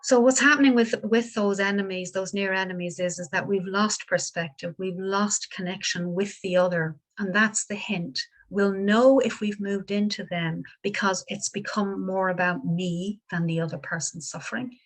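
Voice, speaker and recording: A middle-aged woman giving a dharma talk as a Buddhist teacher, gentle and reflective, pausing and restarting often. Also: medium pitch, steady tone, rough recording.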